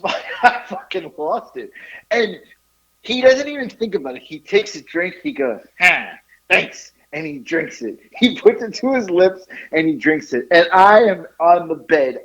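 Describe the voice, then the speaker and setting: A man telling a funny story on a podcast, animated and often laughing at his own tale. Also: fairly high pitch, measured pace, muffled recording. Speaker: podcast co-host. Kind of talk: casual storytelling chat.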